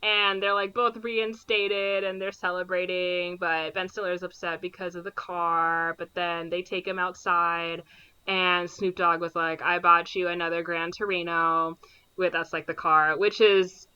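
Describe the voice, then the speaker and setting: A woman co-hosting a podcast, casually retelling a movie plot with lots of fillers and quick impressions of the characters. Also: fairly low pitch, smooth, muffled recording. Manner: animated retelling with frequent fillers and quoted impressions. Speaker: podcast co-host.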